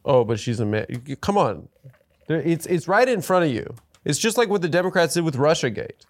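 A man's voice: fairly high pitch, sing-song, fairly quick. A man co-hosting a comedy podcast, throwing in mumbled, ironic asides during casual banter. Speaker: co-host.

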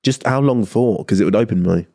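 A young man from England co-hosting a podcast, joking and bantering, often laughing. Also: fast talker. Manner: animated, laughs often, pitch swings widely. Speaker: podcast co-host. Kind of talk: casual banter.

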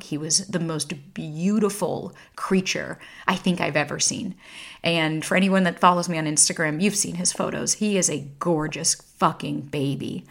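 Candid woman podcaster, low-pitched voice. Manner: candid, casual, swears freely, emotional. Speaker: podcast host. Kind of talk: solo podcast monologue.

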